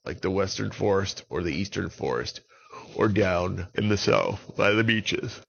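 A man telling a children's story in an unhurried, expressive way. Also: low voice, creaky, breathy edge, dull audio.

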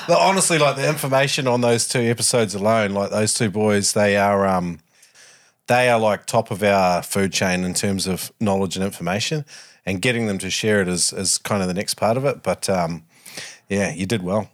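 A man's voice: fairly low pitch, moderate pace. A man with an Australian accent hosting a podcast, chatty and rambling, full of fillers and self-deprecating asides. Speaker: podcast host. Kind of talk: casual chat.

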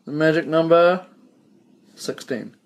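A man's voice: fairly high pitch, takes it slowly. A man, a co-host's husband, reading out numbers in a puzzled, casual way.

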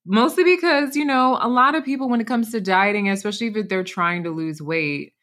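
A woman's voice: medium pitch, fairly quick, fairly bright tone. A woman who works as a wellness coach and co-hosts a podcast, chatting casually and energetically with plenty of "like" and "you know".

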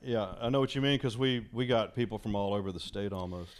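A man, a former radio DJ, telling a story in casual chat, animated and laughing often, imitating voices. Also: on the low side, fast.

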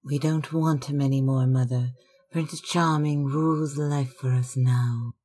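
A man's voice: fairly high pitch, takes it slowly, breathy edge, pitched above the performer's own voice, heavily acted. A man reading aloud, voicing a young girl in love in a raised, breathless, pleading tone. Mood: giddy, lovestruck.

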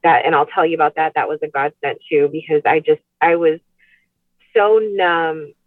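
A middle-aged woman shares a painful memory as a podcast guest. She talks earnestly and haltingly, doubles back on her words, and laughs nervously in places. Her voice comes through a tinny phone-line call, dry, with no room sound around it. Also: deep voice, fairly even intonation, dry recording. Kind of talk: personal storytelling in conversation. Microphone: remote call.

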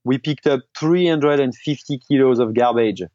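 A man guest on an interview, a pro mountain biker, telling stories in a lively casual way and laughing often. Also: medium pitch, moderate pace, no room sound. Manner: animated storyteller, laughs often. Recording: slightly dull lo-fi sound.

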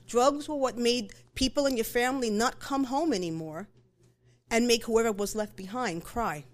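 A middle-aged woman telling a personal story live, in a conversational, animated way with fillers and self-corrections. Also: fairly high pitch.

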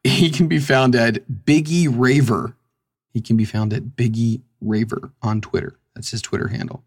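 A man's voice: medium pitch, normal speed, a little mellow, slightly rough. A man co-hosting a podcast who reacts to stories with short exclamations and reads out fan questions. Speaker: podcast co-host. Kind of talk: casual chat, reading fan questions.

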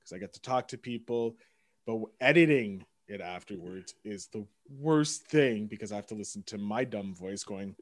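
A man's voice: on the low side, normal speed, no echo, studio quality. Rambling, self-mocking man hosting a podcast. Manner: rambling, self-deprecating, restarts often. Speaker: podcast host. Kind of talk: casual podcast interview.

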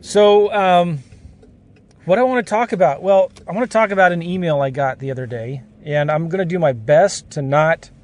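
A chatty middle-aged man talks casually from behind the wheel, rambling with lots of fillers and restarts. His voice sits a touch higher than most men's, and car noise hums behind him. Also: moderate pace, darkish tone. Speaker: host. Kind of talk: casual talk while driving. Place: inside a car.

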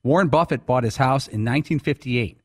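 A man co-hosting a sports radio show, telling quick anecdotes in casual chat. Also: medium pitch, no echo.

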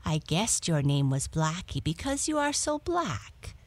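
A woman voicing a friendly, polite female yellow cat who calmly reassures her new friend in a storybook reading. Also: low-pitched, unhurried, dry recording, full character voice.

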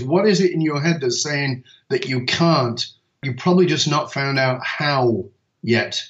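A middle-aged man tells stories as a podcast guest and acts out both sides of remembered conversations. His voice sits in the middle of the range. The sound is roomy and a little dull, as if it came from a remote setup. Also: mid-range voice. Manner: animated storyteller, acts out dialogue. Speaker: podcast guest, speaker and author. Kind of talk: storytelling interview talk.

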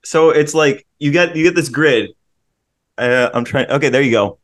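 A man co-hosting a podcast chats casually and explains things step by step. His voice is medium-pitched, and he speaks at a moderate pace.

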